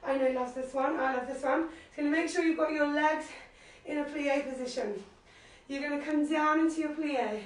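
A woman leading a live workout class, out of breath as she cues moves and counts reps in an encouraging way. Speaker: fitness instructor. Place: living room at home. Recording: very echoey room, distant, low-quality web stream.

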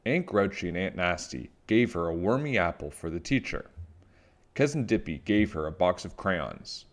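A man reading a children's picture book aloud with animated storytelling. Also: low voice, normal speed.

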